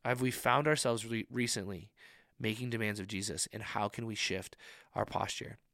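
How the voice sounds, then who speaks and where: A man's voice: lowish voice, fairly even intonation, moderate pace, creaky, fairly bright tone, no room sound, clean studio sound. A man preaching a conversational sermon, repeating key questions and briefly acting out the people he quotes. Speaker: pastor.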